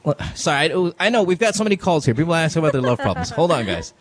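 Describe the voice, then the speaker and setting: A man's voice: a little high, fast, a crowd in the background. A man hosting a podcast in casual, profane chat, acting out quotes from people. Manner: profane, animated, acts out quotes. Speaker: podcast host.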